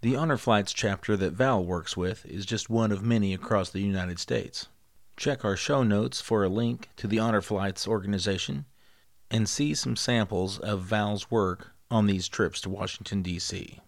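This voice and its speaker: A male podcast host reading a scripted narration in a measured, even way. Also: on the low side, no room sound, clean studio sound. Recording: narration over guitar music.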